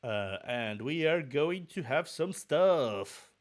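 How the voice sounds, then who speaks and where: Taking his time, a man with a somewhat high voice and lively intonation gets a book-reading stream ready. He has a slight Russian accent and seems a bit ill, rambling casually with frequent restarts and muttered asides.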